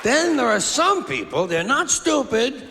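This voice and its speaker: An American man doing a profane, mocking stand-up comedy routine on a theater stage, building to shouted punchlines. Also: very high voice, very animated, a little slow, creaky, background noise. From United States. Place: theater stage before a laughing audience. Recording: live hall recording with loud crowd.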